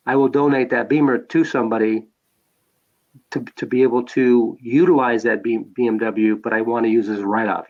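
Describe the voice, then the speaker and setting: A man's voice: mid-range voice, lo-fi sound. An older man, a podcast guest, telling stories in a conversational way, repeating phrases for emphasis. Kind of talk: conversational storytelling.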